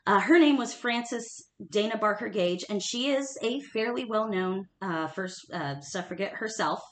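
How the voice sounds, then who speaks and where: A woman's voice: mid-range voice, unhurried, reverberant. A woman co-hosting a casual history podcast, talking emphatically and laughing often. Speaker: podcast co-host.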